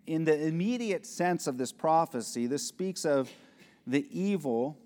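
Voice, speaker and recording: A man's voice: a little high, expressive, moderate pace, a little mellow. A male pastor preaching an expository sermon, earnest and rising to emphatic peaks. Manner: earnest, builds to emphatic peaks, acts out little scenes. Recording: long reverb of a large hall.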